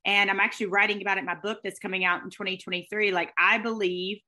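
A middle-aged woman, a guest telling her story in an expressive, fast way. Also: medium pitch. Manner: fast, expressive, with faith talk and laughter. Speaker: guest, speaker and former sportscaster. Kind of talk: animated storytelling interview.

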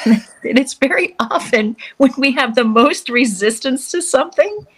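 A woman with a fairly high voice hosts a podcast interview. She answers her guest in an affirming, reflective way. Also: expressive, measured pace, slightly rough. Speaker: podcast host. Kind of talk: casual interview chat.

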